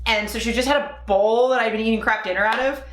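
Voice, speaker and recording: A woman's voice: on the high side, steady tone, fast. A young woman streaming live, telling rambling stories in a casual, profane and giggly way. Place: home room. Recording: echoey room.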